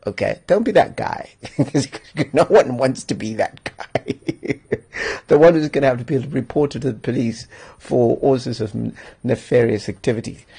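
A man hosts his own podcast, talking straight to listeners with emphatic, joking advice. His voice is gravelly and a little husky, with a mellow, dark tone. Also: medium pitch. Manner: emphatic, joking, chuckles often. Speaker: podcast host. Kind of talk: solo podcast, advice monologue.

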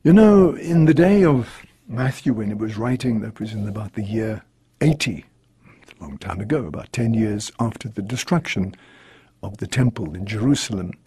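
A priest reading scripture and then giving an earnest, reflective homily. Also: male voice, lowish voice, animated, normal speed, dark tone, breathy edge.

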